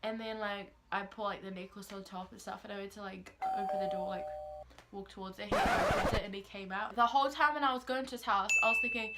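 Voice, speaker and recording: A teenage Kiwi girl from New Zealand tells a casual storytime vlog, quick-paced and very animated in a medium-pitched voice. She's chatty, says "like" constantly, and acts out the quotes, all over heavy background noise.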